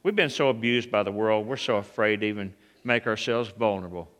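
A man's voice: fairly low pitch, fairly quick, a bit bright. A man preaching a sermon, calling out to the congregation and building to a fervent, raised delivery. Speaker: pastor.

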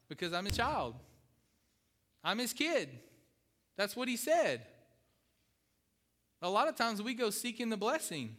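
A man's voice: high-pitched, pushed and bright. Emphatic preacher man in a reverberant hall. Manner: emphatic, repeats key phrases, asks the congregation questions. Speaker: pastor. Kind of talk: sermon.

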